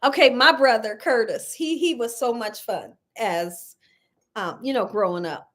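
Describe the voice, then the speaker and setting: Her pitch is fairly high and a bit bright, and she takes her time as she chats with viewers on a casual livestream. The middle-aged cooking channel host laughs often, reads comments aloud, spins stories, and calls people "y'all."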